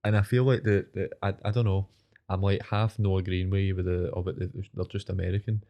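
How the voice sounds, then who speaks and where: A Scottish man with a fairly low voice chats on a podcast from a studio. He talks in a hesitant, wry way, stumbling and restarting as he works through his point. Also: little pitch movement, a little fast, muffled recording. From Scotland. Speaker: podcast co-host. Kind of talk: casual chat.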